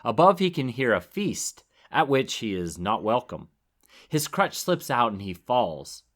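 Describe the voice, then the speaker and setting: A man's voice: medium pitch, very animated, a little slow, fairly bright tone. A man co-hosting a podcast, reacting wryly in casual chat and reading a chapter summary. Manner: wry, easygoing responder. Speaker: podcast co-host.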